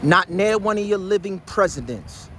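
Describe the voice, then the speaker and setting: A man, delivering a loud, boastful street monologue full of shouted rhetorical questions. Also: high-pitched, expressive, normal speed, a little hiss or hum. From New Jersey. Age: high school in 1975, so 60s.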